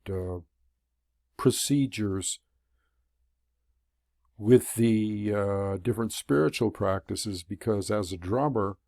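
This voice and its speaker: A man's voice: on the low side, gravelly, dry recording, clean studio sound. A man talking to the camera as a spiritual teacher, in a loose, rambling monologue full of fillers and restarts. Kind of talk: casual monologue. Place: room.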